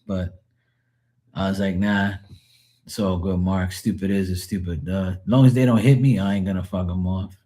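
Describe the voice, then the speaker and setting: A man's voice: deep voice, steady tone, moderate pace, mellow. A man in his forties chatting casually on a live stream, rambling through profane stories.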